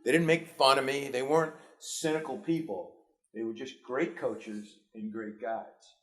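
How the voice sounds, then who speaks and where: In an unhurried, fairly even mid-range voice, a New York-accented man in his fifties, a school superintendent, gives students a motivational talk built on personal stories. He speaks earnestly and restarts often.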